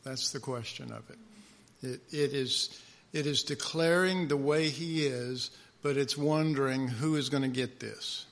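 A man preaching a conversational sermon, pausing often with fillers and restarts as he reads scripture aloud and stresses words. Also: medium pitch. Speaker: pastor.

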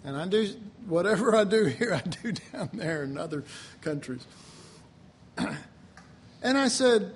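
Animated high-voiced male preacher. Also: unhurried, pauses often, slight background noise. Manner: animated, laughing, bursts into loud shouts. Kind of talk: sermon.

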